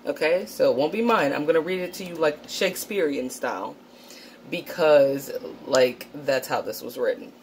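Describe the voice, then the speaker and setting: A woman's voice: low voice, a little mellow, a little hiss or hum, rough recording. A woman hosting a casual vlog, talking bluntly and profanely with lots of fillers. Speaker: channel host.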